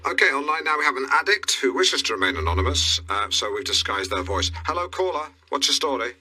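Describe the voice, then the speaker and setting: A man's voice: mid-range voice, sing-song, quick pace, pushed and bright, breathy edge. A middle-aged man hosting a local radio show, pompous and rambling, with awkward restarts. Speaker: radio presenter.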